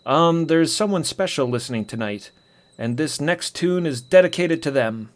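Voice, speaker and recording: A man voicing a showy male tavern bard with a sing-song, crooning delivery, pitched higher than his own voice. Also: animated, moderate pace, natural voice.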